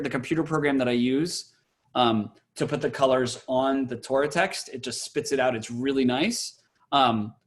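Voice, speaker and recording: A man's voice: mid-range voice, a bit bright. A man teaching a cantor's class on a video call, chatty and playful, slipping into chant.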